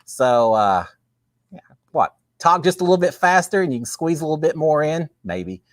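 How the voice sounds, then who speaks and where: Chatting folksily in a casual live stream, a Texan host reads viewer comments aloud in an animated, slightly high voice at normal speed. The sound is dry and close with no echo, and he's on a webcam with a green screen.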